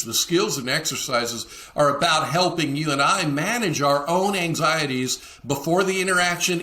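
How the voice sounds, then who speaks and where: A man's voice: mid-range voice, bright, forceful tone. A middle-aged man hosting a leadership podcast, talking alone to listeners and acting out the dialogue he quotes. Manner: acts out quoted dialogue in shifting voices. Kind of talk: solo podcast teaching talk.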